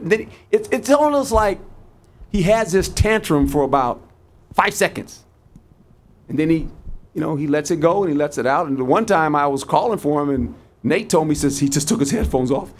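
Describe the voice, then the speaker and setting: A man's voice: fairly high pitch, expressive, brisk. An older man in his sixties, a head football coach answering press conference questions in a folksy, repetitive way, acting out his sideline exchanges.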